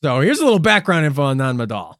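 A male podcast host explains history in a playful, animated way and swears casually. His pitch swings wildly from phrase to phrase. The voice is recorded close and dry. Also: fast talker, no room sound. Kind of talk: casual comedic podcast chat.

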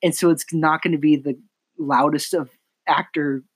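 Husky podcast host dude, chatty, opinionated, keeps the talk on track. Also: male voice, on the high side, fairly even intonation, moderate pace. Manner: talkative, opinionated, steers the talk. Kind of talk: casual film discussion.

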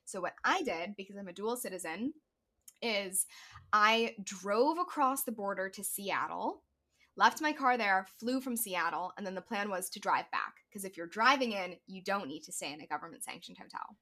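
A woman's voice: mid-range voice, normal speed. A woman actress, a guest on a casual podcast, telling stories and quoting people as she goes. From United States. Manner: animated storyteller, quotes people.

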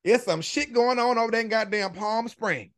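High-pitched lady ranting on her podcast, cussing nonstop, drags out every curse word. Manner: profane, emphatic, drawn-out swearing. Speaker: podcast host. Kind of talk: casual commentary rant.

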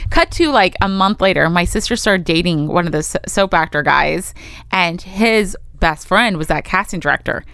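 A woman co-hosting a podcast, telling a story in a lively way and acting out the people she quotes. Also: on the low side, moderate pace, creaky, dry recording, clean studio sound. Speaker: podcast co-host. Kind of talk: casual chat.

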